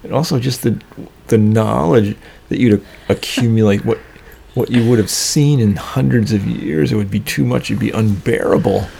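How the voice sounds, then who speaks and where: A man's voice: lowish voice, normal speed, creaky, dark tone, a little hiss or hum. A man co-hosting a casual radio chat, musing thoughtfully and answering with short murmurs.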